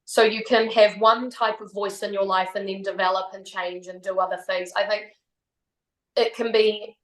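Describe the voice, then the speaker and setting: NZ woman, 30s, podcast guest; frank, thoughtful, quick to laugh; middle voice, reverberant room. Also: mid-range voice, fairly even intonation. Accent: New Zealand. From New Zealand. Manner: candid and reflective, laughs often. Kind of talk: casual chat. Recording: roomy echo.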